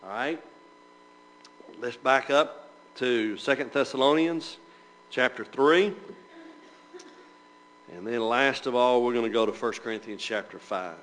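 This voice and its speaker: A man's voice: medium pitch, unhurried, long pauses, a bit bright, rough recording. A man preaching a Bible class sermon, asking the listeners rhetorical questions and reading scripture aloud in old-fashioned wording. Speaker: preacher teaching church members.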